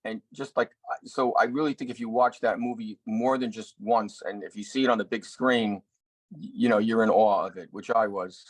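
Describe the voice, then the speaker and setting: A middle-aged actor and director telling a story in an interview, earnest, with many restarts. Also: male voice, lowish voice, steady tone, normal speed, no echo, low-quality recording. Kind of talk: anecdotal interview talk.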